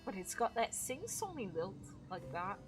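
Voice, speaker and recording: Excitable woman streaming a game, chatty and swears a lot, loud game music going. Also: mid-range voice, moderate pace. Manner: excitable, swears, chats with viewers. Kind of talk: casual gaming stream chat.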